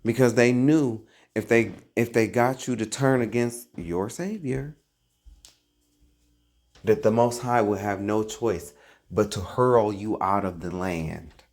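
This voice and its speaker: A man's voice: fairly low pitch, takes it slowly, a little mellow. A man giving preachy, casual commentary as an online religious commentator, emphatic and full of rhetorical questions.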